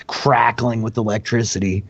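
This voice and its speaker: A man's voice: mid-range voice, fairly even intonation, normal speed, fairly bright tone, no echo, lo-fi sound. A man running a tabletop game as dungeon master, narrating in a loose, profane, laughing way.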